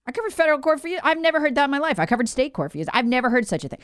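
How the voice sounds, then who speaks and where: Sarcastic woman host with a lively voice. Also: high-pitched, rapid-fire, hardly any pauses, no echo, clean studio sound. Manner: sarcastic, mocking, repeatedly urging "remember"; slips into mock voices to ridicule officials. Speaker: political talk show host. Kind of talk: opinionated political commentary.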